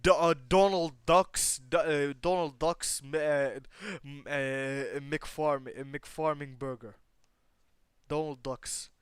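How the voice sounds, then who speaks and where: A man's voice: a little high, steady tone, slow, smooth, no echo, studio quality. Rambling young man telling a fan story. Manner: rambling, many fillers and restarts, swears casually. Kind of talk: improvised fan story narration.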